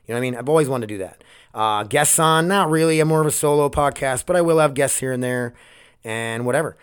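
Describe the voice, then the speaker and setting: A man hosting a solo podcast, drifting from thought to thought with a frank, loose delivery and plenty of swearing. His voice is smooth and resonant, at a middle pitch, close on the mic. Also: fast talker. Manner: rambling, candid, swears often. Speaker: podcast host. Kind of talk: casual solo podcast chat.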